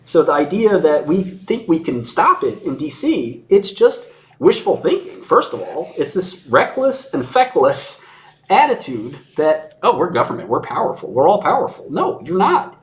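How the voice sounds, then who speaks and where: A man's voice: a little high, very animated, moderate pace. A man in a casual conversation who talks in an opinionated and sarcastic way, chuckling mid-sentence and mimicking others in mocking voices.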